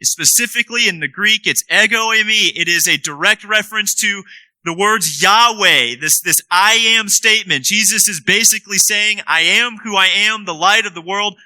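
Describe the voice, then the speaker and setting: A man preaching a sermon in a high, forceful, bright voice. He is emphatic and slows right down to drive key words home. The sound is dry and close to the mic. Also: no echo, poor audio.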